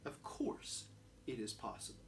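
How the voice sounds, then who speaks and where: A man preaching a sermon, building through rhetorical questions and then dropping to a quiet close. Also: a little slow, slight background noise. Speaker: pastor.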